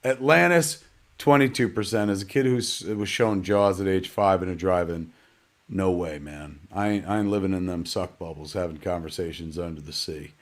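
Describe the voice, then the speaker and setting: A man's voice: deep voice, moderate pace. A man hosting a live online premiere in a casual, rambling way, joking about himself and cursing now and then. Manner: rambling, joking, self-mocking, salty language. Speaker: host of a live digital premiere.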